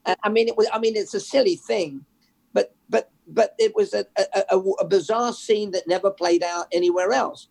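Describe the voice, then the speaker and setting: A man, a journalist guest telling animated anecdotes in an interview. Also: high voice, normal speed, gravelly. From England. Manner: animated, anecdotal, repeats words as he builds. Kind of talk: interview storytelling.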